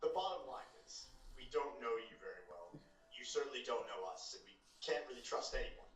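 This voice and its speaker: A man playing a tabletop game, speaking in character in a measured, earnest way. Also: mid-range voice, animated, a bit bright. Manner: measured, earnest planning speech. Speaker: player. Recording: roomy, distant mic with faint noise.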